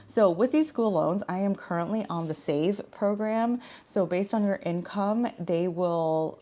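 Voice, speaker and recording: A woman in her thirties talks to camera in a casual, frank vlog style, her speech loose and full of filler words. Her voice sits a little low for a woman. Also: a little slow, mellow. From Washington state. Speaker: vlogger. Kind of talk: casual chat.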